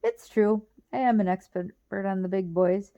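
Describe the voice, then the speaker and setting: A woman's voice: mid-range voice, steady tone, measured pace, muffled recording, lightly acted. A woman reading the lines of a cocky young man in jail, in a wry, teasing tone.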